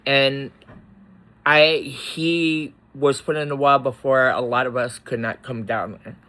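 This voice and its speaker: A man talking in a personal vlog, halting and choked up, pausing often between words. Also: mid-range voice, fairly even intonation, pushed and bright, low-quality recording. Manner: slow, halting, with many pauses and fillers. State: tearful, choked up. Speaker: faith vlogger.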